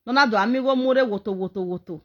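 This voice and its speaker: A woman's voice: a little high, fast, highs cut off. A Nigerian woman ranting on a live stream, mocking and scolding as she mixes pidgin and English.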